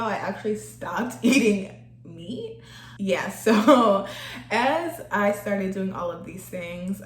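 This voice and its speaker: A young woman chatting casually while getting ready, laughing often and getting emotional, close to tears. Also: fairly low pitch. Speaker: vlogger. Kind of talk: casual get-ready-with-me chat. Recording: echoey room.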